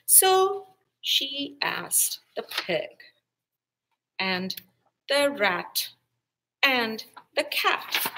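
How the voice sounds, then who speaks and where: Lady librarian doing storytime, slow and bright, lots of up and down. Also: a little high, very animated, a little hiss or hum, rough recording. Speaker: children's librarian. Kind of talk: children's storytime reading.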